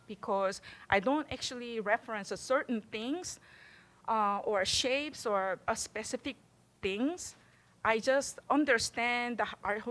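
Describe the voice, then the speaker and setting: A middle-aged woman from Korea with a Korean accent, giving a public artist talk in an animated, chatty way and laughing often. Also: fairly high pitch. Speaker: visiting artist.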